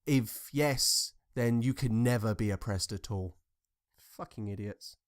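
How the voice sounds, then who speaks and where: A man riffs through his commentary in a relaxed, rambling way, swearing freely as he tells stories and gives blunt opinions. His voice is smooth and clean, pitched in an ordinary middle register. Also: a little slow. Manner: profane, blunt and conversational. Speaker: commentary vlogger. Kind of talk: casual rambling commentary with anecdotes.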